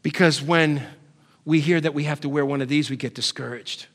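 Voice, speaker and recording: High-voiced man preaching with swells. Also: fairly even intonation, fairly quick. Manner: preachy, rising emphatic swells then dropping low. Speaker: pastor. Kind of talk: sermon.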